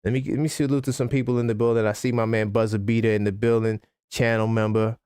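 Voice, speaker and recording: Animated man hosting a sports livestream. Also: lowish voice, fast, clear, resonant tone, no room sound, studio quality. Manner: animated, conversational, frequent fillers. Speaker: sports talk livestream host. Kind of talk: casual live-stream commentary.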